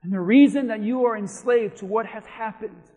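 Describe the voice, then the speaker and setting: High-voiced preacher shouting in a hall. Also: male voice, normal speed. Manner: impassioned preaching that builds to shouting. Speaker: pastor. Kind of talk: sermon. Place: church sanctuary.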